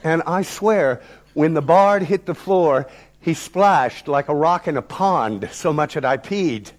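A man in his sixties performs a story on a talk-event stage, declamatory and theatrical. His voice sits a little high for a man and swings between hushed asides and booming lines. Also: lively intonation, slow. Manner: dramatic, declamatory, sweeping shifts in loudness. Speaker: theatre director and solo performer.

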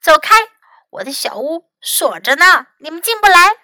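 A woman's voice: sits high, slow pace, pushed and bright, dry recording, voice pushed up, heavily acted. A woman voicing a cross, curt male rat in a bilingual storybook reading. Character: grumpy male rat hiding in a cabin.

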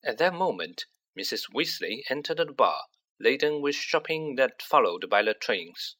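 A man narrating a storybook in an unhurried, expressive way. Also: medium pitch. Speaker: audiobook narrator.

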